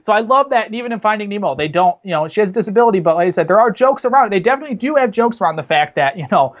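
A man's voice: sits high, lively intonation, very fast, lo-fi sound. A man co-hosting a casual movie discussion, talking enthusiastically and rambling with restarts. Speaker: podcast co-host.

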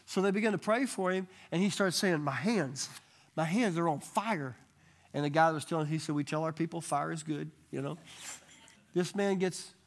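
A man leading a church Bible study, telling testimony stories in a lively way and acting out the people he quotes. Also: a little high. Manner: animated storyteller acting out quoted voices.

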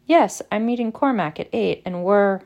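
A woman voicing a clever teenage witch who speaks brightly and sweetly emphatic. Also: mid-range voice, normal speed, dull audio, natural voice.

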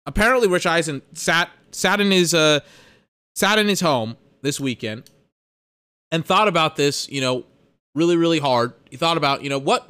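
A man's voice: medium pitch, pushed and bright, clean tone, dry recording. A man hosting a podcast, ranting about football in an exasperated, sarcastic way with plenty of swearing. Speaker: podcast host. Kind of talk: ranting sports commentary.

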